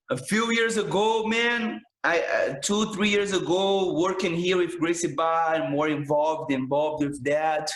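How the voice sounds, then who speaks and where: A man's voice: a little high, fairly bright tone, echoey room, poor audio. A man, a jiu-jitsu instructor talking passionately in a casual podcast interview, filling his speech with "man" and "bro".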